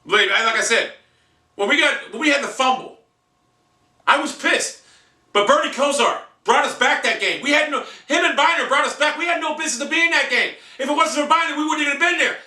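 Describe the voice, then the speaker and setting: The voice is a man's, pitched extremely high, fairly quick, bright, and forceful, full of expression as he rages profanely about sports. He's well away from the mic in an echoey home room, venting for a long stretch.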